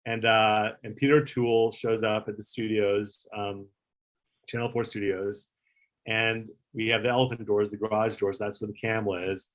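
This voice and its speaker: Rambling man telling a backstage anecdote. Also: on the low side. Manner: rambling, filler-heavy, animated retelling with swearing. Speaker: former talk show producer telling stories. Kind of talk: casual anecdotal storytelling.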